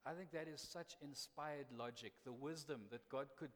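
A man preaching a sermon as a missionary, dramatic, swinging between loud emphasis and hushed quiet. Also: fairly high pitch, normal speed. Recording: long hall reverb.

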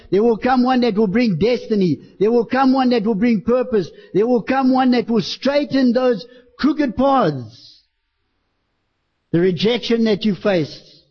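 High male preacher, impassioned sermon delivery with shouted peaks, muffled lo-fi church recording. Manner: impassioned, bursts into shouting when acting out street preaching.

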